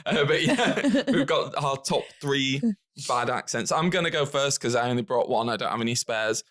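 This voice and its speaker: A man's voice: mid-range voice, lively intonation, moderate pace, fairly bright tone. A British man hosting a casual film podcast, laughing often and swearing freely. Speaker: podcast host. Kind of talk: casual chat.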